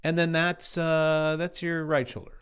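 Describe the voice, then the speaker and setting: A man's voice: a little high, level tone, a little slow, fairly bright tone, smooth. A middle-aged man in a casual vlog, ranting sarcastically and mimicking doubters while walking through trading charts. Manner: sarcastic, jumpy, mocking voices of doubters. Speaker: crypto trading vlogger. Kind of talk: casual rant and chart walkthrough.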